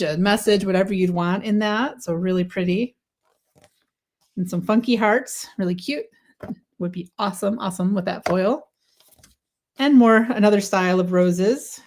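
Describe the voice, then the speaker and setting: A woman with a slightly low voice hosts a live craft stream. She chats warmly and enthusiastically through a product demo, tripping over her words now and then and correcting herself as she goes. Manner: chatty, enthusiastic, stumbles and self-corrects. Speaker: craft livestream host.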